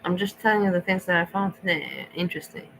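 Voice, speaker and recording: A woman's voice: lowish voice, quick pace, gravelly, a bit bright, a little hiss or hum, low-quality recording. A woman hosting a casual livestream, greeting viewers and ranting in a chatty, mocking way. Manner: chatty, mocking, exasperated rants. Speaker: livestream host. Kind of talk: casual chat with live chat viewers.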